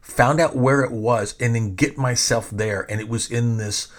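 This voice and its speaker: A man's voice: medium pitch, normal speed. A middle-aged man hosting a podcast. He tells stories casually in rambling, self-interrupting sentences and swears often. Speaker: podcast host. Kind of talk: casual storytelling.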